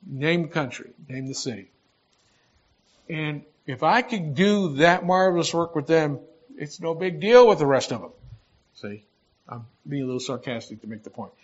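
A man's voice: medium pitch, muffled recording. A man preaching a sermon, reading scripture and explaining it verse by verse in a conversational way, with asides and restarts. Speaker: pastor.

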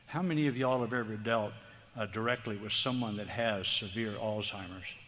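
A man preaching a sermon, earnest and tender, speaking slowly with emphasis. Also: fairly low pitch, a bit bright. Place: church hall. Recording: long hall reverb, faint background noise.

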